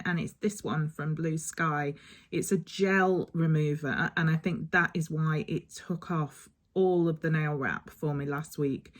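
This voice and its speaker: A woman talking through a step-by-step nail tutorial in a chatty, instructive way that sometimes rambles. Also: fairly low pitch. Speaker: beauty vlogger.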